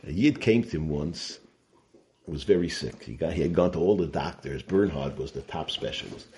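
A man's voice: extremely low pitch, moderate pace, darkish tone, a little hiss or hum. A man giving a Torah talk, telling stories and sprinkling in Yiddish and Hebrew terms. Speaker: Torah teacher.

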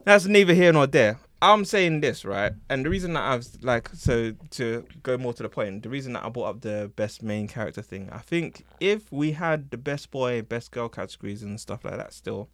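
A man's voice: mid-range voice, lively intonation, moderate pace, hardly any pauses, fairly bright tone, dry recording, studio quality. A man hosting a casual podcast chat. He rants with lots of slang and laughs often. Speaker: podcast host.

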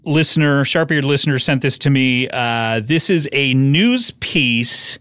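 A man's voice: mid-range voice, animated, a bit bright, clean tone, no echo. A man co-hosting a podcast in casual chat, joking, laughing easily and swearing freely. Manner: joking, profane, quick to laugh. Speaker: podcast co-host.

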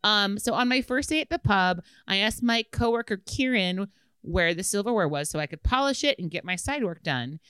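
Podcast co-host, woman, smooth and dry-miked, relaxed and laughing, reads listener mail aloud. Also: medium pitch, moderate pace, no echo. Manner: laughs often, swears casually. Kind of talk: casual podcast chat, reading listener mail.

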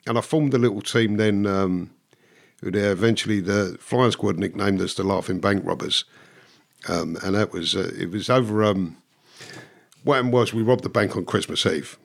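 A man's voice: lowish voice, moderate pace, vocal fry. An older man, telling his story as a podcast guest in a blunt, swearing, vivid way. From London. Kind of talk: storytelling interview.

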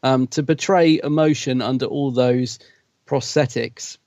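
Gravelly, higher-voiced British man chatting. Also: a little mellow, no echo. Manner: chatty, rambling, quick to laugh. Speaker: podcast co-host. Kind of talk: casual chat. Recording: dull, lo-fi sound.

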